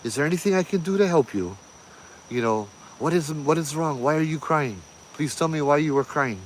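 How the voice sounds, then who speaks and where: A man playing a gentlemanly traveling merchant, his voice pushed higher and urgent. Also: lively intonation, brisk, slight background noise, close to an everyday voice. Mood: concerned. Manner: raised, pleading then yelling.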